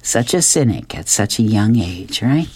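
A woman's voice: very deep voice, very animated, measured pace, darkish tone, breathy edge, no room sound. A woman reading newspaper comic strips aloud, describing each panel with chatty, amused asides.

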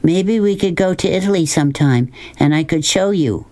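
A man voicing a fierce, bold young girl in a storybook reading, slow and insistent. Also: fairly high pitch, warm tone, voice pushed up, close to an everyday voice. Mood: wistful.

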